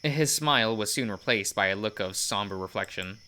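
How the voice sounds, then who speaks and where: A man's voice: lowish voice, normal speed, few pauses, pushed and bright, clean tone. A man hosting a let's play and casually reading a visual novel aloud, with fillers and self-corrections.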